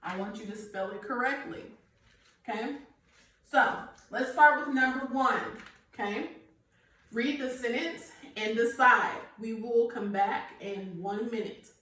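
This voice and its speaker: A woman's voice: fairly high pitch, a little slow, sharp tone, recorded from a distance, a little hiss or hum. A woman teaching a grammar lesson to young children, explaining each point patiently and checking in with "okay" after each one. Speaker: elementary school teacher. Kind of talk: recorded remote grammar lesson. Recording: echoey room, voice from off the mic.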